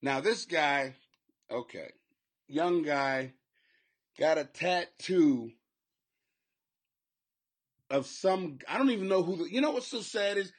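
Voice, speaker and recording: A man hosting a podcast, riffing in crude, profane comedic commentary that rambles and swings in loudness. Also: fairly high pitch, expressive, takes it slowly, pauses often. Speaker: podcast host.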